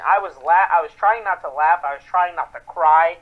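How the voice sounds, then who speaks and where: A man's voice: a little high, moderate pace. Young male co-host, casual rambling storyteller, muffled lo-fi recording. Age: young adult. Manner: rambling, repeats words, restarts sentences. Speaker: podcast co-host. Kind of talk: casual chat, telling a story.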